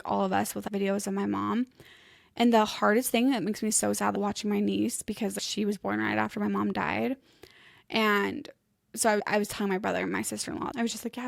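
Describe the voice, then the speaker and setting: A young woman with a gravelly, fry-laced voice who talks openly and with feeling as a podcast co-host. She slips into the voices of the people she quotes. The recording is close and dry, with no room sound. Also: mid-range voice, dry recording. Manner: heartfelt and emotional, acting out what others said. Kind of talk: candid conversational podcast chat.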